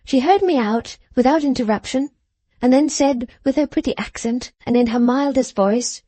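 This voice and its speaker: A woman narrating a classic novel as an audiobook, in a measured, composed storytelling manner. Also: high voice, warm tone, no room sound.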